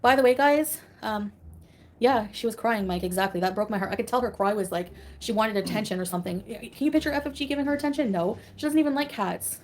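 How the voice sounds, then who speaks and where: A woman's voice: on the high side, fast talker, a little hiss or hum. A woman on a casual livestream, ranting bluntly and sarcastically and laughing often.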